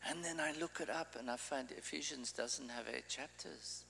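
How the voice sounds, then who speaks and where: A man's voice: mid-range voice, normal speed, creaky, bright, forceful tone, big-room sound, a little hiss or hum, poor audio. A man preaching an informal sermon, talking in a loose, conversational way and often restarting his sentences.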